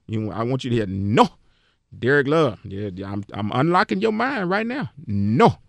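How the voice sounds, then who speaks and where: A man's voice: mid-range voice, sing-song, moderate pace, vocal fry, no room sound. A man hosting a podcast on personal finance, talking casually and earnestly, preaching and often repeating himself. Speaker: podcast host.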